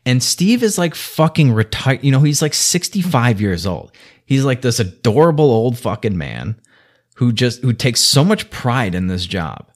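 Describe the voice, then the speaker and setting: An irritated man tells his grievance as a long, profanity-laced rant. His voice sits at an ordinary middle pitch, and his delivery turns sarcastic and exasperated as he vents. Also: sing-song, unhurried. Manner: angry, heavy swearing, sarcastic.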